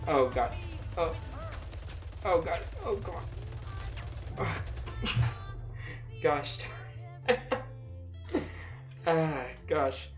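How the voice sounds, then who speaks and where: A woman livestreaming a shooter game, talking slowly in a low voice and laughing at herself between exclamations. She sounds slightly under the weather, her throat dry. Faint game music plays underneath. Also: animated. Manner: giggly, self-mocking, frequent laughter and exclamations. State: feeling sick, dry throat. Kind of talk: casual gameplay livestream chat.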